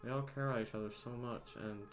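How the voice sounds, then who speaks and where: A man reading out the lines of a young goat-monster boy in a game, soft and halting, as if choked up with regret. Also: medium pitch, fairly even intonation, a little hiss or hum, close to an everyday voice. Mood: remorseful. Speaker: gamer reading game dialogue aloud. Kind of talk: dramatic reading of game dialogue.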